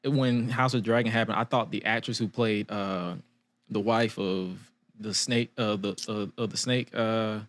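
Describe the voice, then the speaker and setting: A man's voice: lowish voice, measured pace, dry recording. A young man hosting a podcast in casual chat, laughing often and swearing freely as he tells stories. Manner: laughs a lot, swears freely, lively storytelling. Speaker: podcast host.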